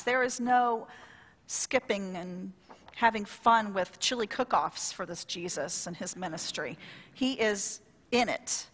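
A woman pastor preaching a sermon in a lively, conversational way, drawing call-and-response from the congregation. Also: on the high side, big-room sound.

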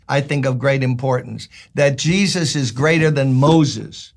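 An older man from Brooklyn, a pastor giving a folksy, joking devotional talk that turns emphatic. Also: on the high side. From Brooklyn, New York.

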